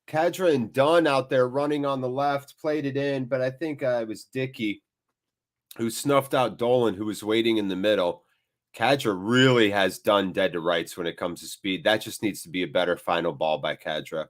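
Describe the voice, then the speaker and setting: A man's voice: fairly low pitch, normal speed. Sniffly man doing chatty match commentary. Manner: chatty, rambling play-by-play. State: sniffly from blocked sinuses. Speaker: host. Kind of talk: live match watchalong commentary.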